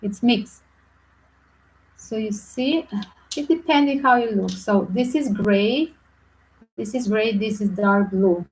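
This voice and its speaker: A woman with reading tarot cards for viewers, chatty and animated, with small slips in her phrasing. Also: mid-range voice, slow, pauses often, poor audio. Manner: chatty, animated, non-native English with slips. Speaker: tarot reader.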